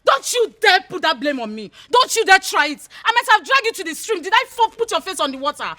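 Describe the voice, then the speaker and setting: An actress with a Nigerian English accent playing a quarrelsome young village maiden. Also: female voice, very high-pitched, big pitch swings, brisk, sharp tone, exaggerated voice. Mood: defiant. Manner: pleading then combative. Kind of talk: film acting.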